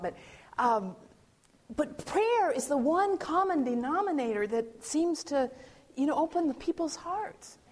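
A woman sharing a personal testimony as an animated story, acting out quotes and often restarting her sentences. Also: sits high.

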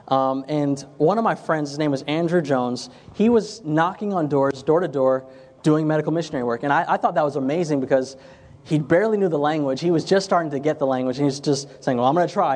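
Addressing a group in a chair-filled room, a man delivers a casual health ministry talk, his slightly high voice darkish in tone. His storytelling is conversational, full of repeated and restarted phrases, heard through long hall reverb.

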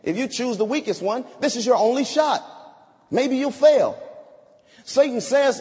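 A man's voice: very high-pitched, animated, unhurried, long pauses, a little mellow. A man preaching a sermon, dramatic and acting out scripture scenes in voices. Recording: long hall reverb.

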